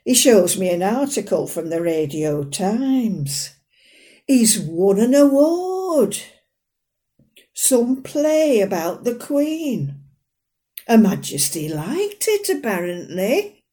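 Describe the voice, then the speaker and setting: The character is an elderly northern mother, fussy, proud, sharp-tongued and dry in her plain speech, voiced by a woman in a dramatic monologue. She uses a medium pitch and a sing-song delivery at a slow pace, with a wry mood.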